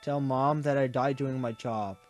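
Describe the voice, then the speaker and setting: A man voicing a dying, gentle middle-aged father who speaks softly and tenderly, his voice growing weaker. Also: mid-range voice, steady tone, a little slow, faint music behind, natural voice. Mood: tender, fading.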